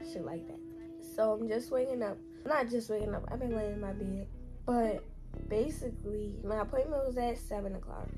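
A young woman telling a story in a casual vlog, animated and slangy, swearing freely. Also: fairly high pitch. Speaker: vlogger. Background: music.

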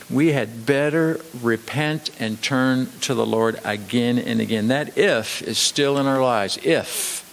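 A man pastor preaching a sermon emphatically, swinging between raised, quick delivery and slow, low emphasis. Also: fairly bright tone, in a large hall. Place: church sanctuary.

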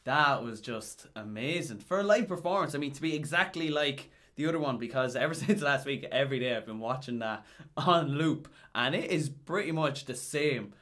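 Excitable Irish man reacting to music. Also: moderate pace, slight background noise. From Ireland. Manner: excitable, bursts into high exclamations. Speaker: music teacher reacting to a performance. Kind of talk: casual reaction video chat. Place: home recording room. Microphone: headphones with a desk mic.

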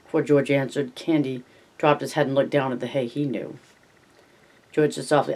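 Man reading a novel aloud, unhurried. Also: mid-range voice, fairly even intonation, a little mellow. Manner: unhurried reading with self-corrections and asides. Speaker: reader.

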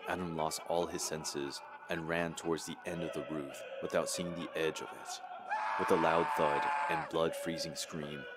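A man narrating a scripted horror story in a steady, even way, with faint music behind him. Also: a bass voice.

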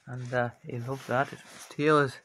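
An Irish man vlogging at home in a gentle, unhurried, chatty way, recorded on a handheld phone. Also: medium pitch, fairly even intonation, a little hiss or hum. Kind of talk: casual talk to camera. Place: home bedroom.

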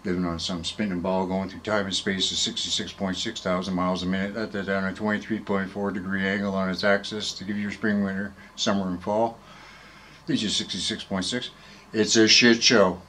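A man's voice: deep voice, level tone, brisk, pushed and bright, a little hiss or hum, low-quality recording. A man ranting in a rambling casual vlog, swearing freely and heated, often tagging his points with "right?", filmed on a handheld phone. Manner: profane and heated, keeps asking "right?". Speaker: vlogger.

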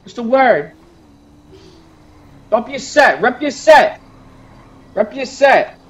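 A man voicing a loud, boastful male street gang member in a game role-play, taunting in heavy street slang. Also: very high-pitched, big pitch swings, slow pace, heavily acted. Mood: hyped taunting.

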